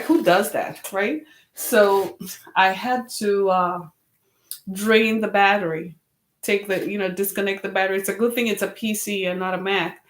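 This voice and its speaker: Tired and a bit wheezy from lack of sleep, a woman with a mid-range voice talks casually to camera while hosting her web series. The sound is reverberant, and her manner is chatty, exasperated, and rambling.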